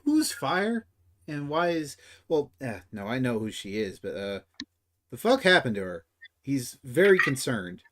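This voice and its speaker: A man's voice: medium pitch, big pitch swings, measured pace, fairly bright tone. A man voicing a mysterious stranger in a leather coat with a mechanical hand, speaking bluntly and offhand in a tabletop game. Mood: concerned.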